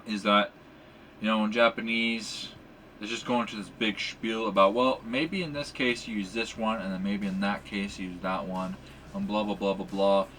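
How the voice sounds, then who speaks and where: Bright-voiced man explaining casually. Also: on the low side, fairly even intonation, normal speed, slight background noise. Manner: rambling, informal, full of fillers and restarts. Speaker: language teacher.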